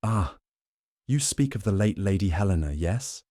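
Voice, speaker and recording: A man voicing a fussy elderly Belgian detective, speaking softly and precisely. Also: sits low, expressive, moderate pace, no echo, clean studio sound. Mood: courtly. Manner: soft, courtly, precise.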